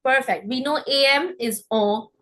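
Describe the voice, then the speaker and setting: A woman giving a live online French class, breaking words down and repeating them slowly, often checking in with "okay?". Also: high-pitched, fairly bright tone, low-quality recording. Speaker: French teacher.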